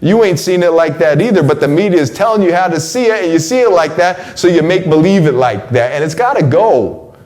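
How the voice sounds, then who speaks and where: A man in his forties giving a casual spoken monologue, slangy and stumbling over repeated words, his voice climbing when he gets excited. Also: on the high side, fairly quick, hardly any pauses. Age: 40s. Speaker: host delivering a weekly message.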